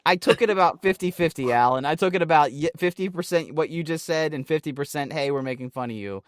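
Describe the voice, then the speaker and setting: Animated, swearing man telling stories. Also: a little high, quick pace. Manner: animated storyteller, swears often, acts out quotes. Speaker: podcast co-host. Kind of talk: casual chat.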